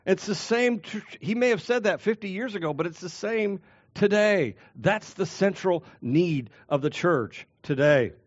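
A man preaching an expository sermon as a pastor, earnest and emphatic, slowing down to stress key phrases. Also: high-pitched, animated, dry recording, dull audio.

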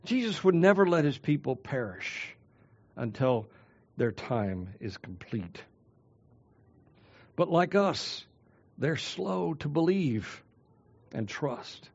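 Male pastor, sermon, high voice, unhurried delivery, dull lo-fi recording. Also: big pitch swings. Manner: dramatic swings from loud to hushed.

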